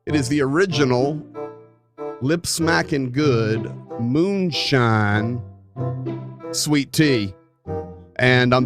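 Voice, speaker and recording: A man hosting a talk show, delivering a folksy, emphatic monologue with playful asides. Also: medium pitch. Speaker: show host.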